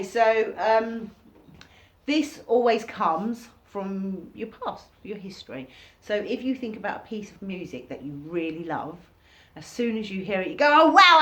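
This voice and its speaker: A woman giving an informal recorded workshop lesson, talking casually and acting out reactions in sudden high bursts. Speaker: workshop teacher.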